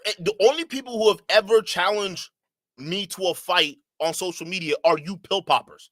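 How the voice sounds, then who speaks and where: A man's voice: high-pitched, moderate pace, fairly bright tone, no echo. A man hosting a reaction stream, talking casually and with exasperation, often stammering and restarting. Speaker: commentary channel host. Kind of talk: reaction commentary.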